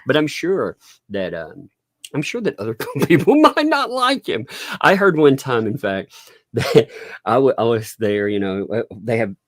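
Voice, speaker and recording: A man's voice: medium pitch, sing-song, unhurried, fairly bright tone, dry recording. A man hosting a livestream, chatting casually in a loose, profane, rambling way and laughing often. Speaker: livestream host.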